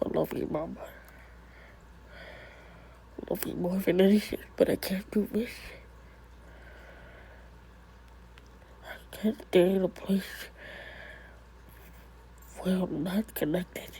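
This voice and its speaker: A woman voicing a stubborn, brooding young ghost in a one-person amateur drama, speaking low, curt and defiant. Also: a little slow, lightly acted, rough recording.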